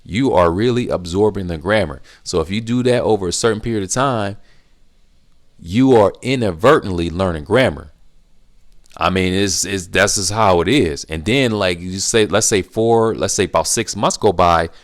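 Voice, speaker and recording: A middle-aged man who hosts a language-learning channel speaks in a low voice at normal speed, answering viewers' questions directly. He repeats key phrases again and again for emphasis, animated when acting out reactions. His tone is casual and earnest, like advice to a friend.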